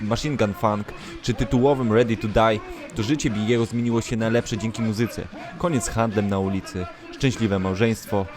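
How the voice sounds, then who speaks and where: A man giving scripted documentary narration in a brisk, even storytelling manner. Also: mid-range voice.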